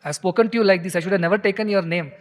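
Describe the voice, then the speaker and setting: A man's voice: high voice, rapid-fire. A man with an Indian English accent giving a scripture discourse, chanting Sanskrit verses and explaining them in English, sometimes pleading in a character's voice. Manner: speaks in Arjuna's pleading voice at times. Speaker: spiritual teacher. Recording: long hall reverb.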